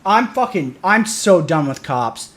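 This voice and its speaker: A man's voice: high-pitched, very animated, a little slow, a bit bright. A man, a military veteran, chatting casually on a stream and ranting with lots of profanity. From Michigan. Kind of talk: casual chat.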